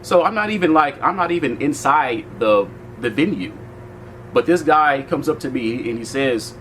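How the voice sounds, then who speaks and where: A man vlogging, retelling a heated run-in in a casual, animated way, later chatting outdoors at an event venue. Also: mid-range voice, moderate pace, a little hiss or hum, low-quality recording. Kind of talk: casual storytelling to camera.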